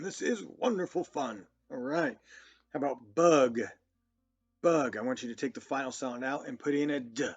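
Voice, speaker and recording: A man teaching a children's phonics lesson, sounding out words slowly and praising often. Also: a little high, slightly rough. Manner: slow, encouraging, praising often. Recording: dull lo-fi sound with faint music.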